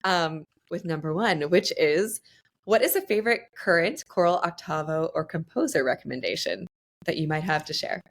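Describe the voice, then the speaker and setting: A woman's voice: on the low side, moderate pace. A woman co-hosting a podcast, asking questions in an upbeat, friendly way. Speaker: podcast co-host. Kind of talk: casual podcast interview.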